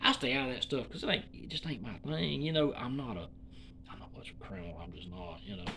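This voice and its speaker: A man's voice: mid-range voice, fast talker, pushed and bright, a little hiss or hum. A man from Alabama with a Southern accent, delivering a rambling comedic monologue in a folksy, profane, meandering way.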